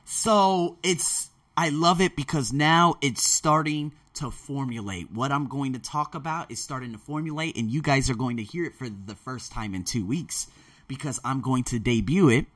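A man talking in a casual, rambling monologue, excitable and often losing his thread before starting over. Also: medium pitch, moderate pace. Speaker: podcast host preparing a talk.

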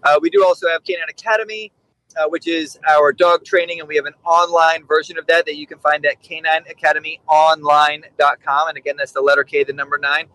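A man's voice: fairly high pitch, level tone, a little fast, sharp tone, poor audio. A middle-aged man, a podcast guest who trains dogs, telling stories in a candid, blunt way. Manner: candid, blunt, acts out quotes. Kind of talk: casual storytelling.

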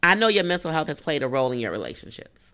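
A woman hosting a podcast, asking questions in a relaxed, chatty way. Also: deep voice, very fast. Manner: relaxed, chatty, laughs easily. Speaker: podcast host, interviewer. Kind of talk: casual interview.

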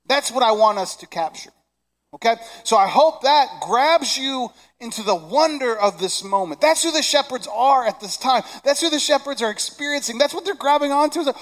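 Animated high-voiced pastor in a reverberant hall. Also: male voice, normal speed. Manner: animated, shouts excited lines in a high voice. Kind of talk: Christmas sermon. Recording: long reverb of a large hall.

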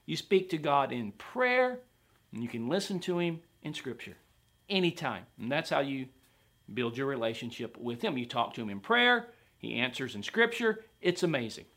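A man preaching a sermon in an animated way, sometimes acting out doubters in a higher voice. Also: normal speed. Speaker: pastor.

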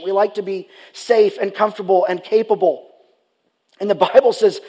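High-voiced man preaching earnestly. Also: darkish tone. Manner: earnest, conversational preaching with restarts. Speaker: pastor. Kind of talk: sermon.

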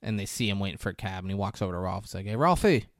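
A man's voice: deep voice, flat delivery, rapid-fire, no room sound, clean studio sound. Man retelling a film scene by scene. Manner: retells scenes with quoted dialogue, laughs often. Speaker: podcast co-host recapping a film. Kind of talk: casual chat.

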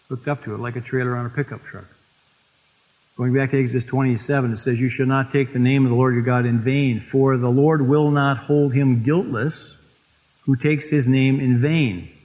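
A man preaching a sermon, telling stories and slowing down to stress scripture. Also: mid-range voice. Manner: storytelling, slows for emphasis on scripture. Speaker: pastor. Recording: long reverb of a church hall.

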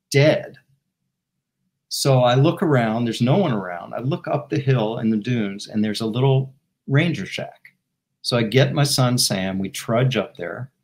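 A middle-aged man, a former football team executive, telling a story as a guest and acting out the dialogue. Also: medium pitch. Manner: animated anecdote teller who acts out the dialogue. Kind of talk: storytelling in a talk show interview.

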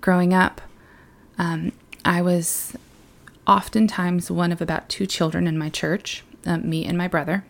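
Gravelly-voiced young woman giving a devotional. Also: fairly low pitch, level tone, unhurried. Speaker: children's ministry worker. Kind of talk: devotional talk.

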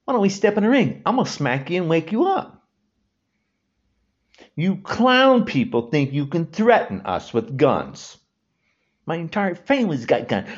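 A man's voice: fairly high pitch, very animated, a little slow, long pauses. A man in his sixties giving an angry, insulting rant, repeating himself. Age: 60s. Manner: furious, insulting, repetitive. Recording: dull lo-fi recording.

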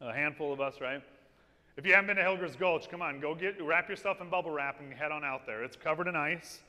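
A man preaching a sermon, telling stories with lively energy and asking his congregation "amen?". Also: on the high side, brisk. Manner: lively storytelling with call-and-response "amen?". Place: church. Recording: long reverb of a church hall.

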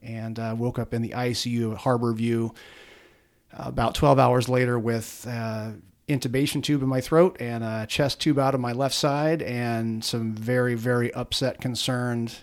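A middle-aged man, a police officer, telling a personal story in an interview, earnest and halting with many fillers and restarts. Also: mid-range voice, steady tone.

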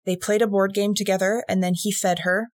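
A woman's voice: mid-range voice, a little fast, dry recording. Woman podcast host going through a true crime case, chatty and blunt, dry close sound. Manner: casual, animated retelling with swearing.

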